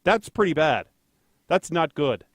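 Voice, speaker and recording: A man who co-hosts a casual podcast and works as a traffic anchor rambles through stories with filler words and self-deprecating jokes. His somewhat high voice is sing-song and unhurried. The recording is dry and close, with no echo and little sense of room.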